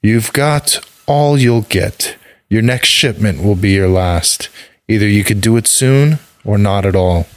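A man's voice: fairly low pitch, a little slow, no echo, natural voice. A man reading a story aloud, voicing an arrogant royal emissary in a haughty, contemptuous manner. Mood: sneering. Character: arrogant male royal emissary, sneering and threatening. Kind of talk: audiobook reading.

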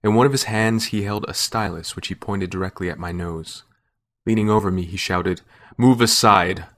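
This is scripted, first-person narration from a man whose voice leans low. He reads steadily and without hurry, in a calm, classic audio-fiction style.

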